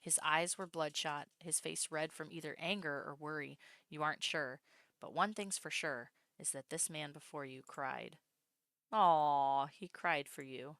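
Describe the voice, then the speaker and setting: A woman streamer reading a story game aloud, breaking off into excitable, swearing reactions. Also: deep voice, moderate pace, vocal fry, no room sound.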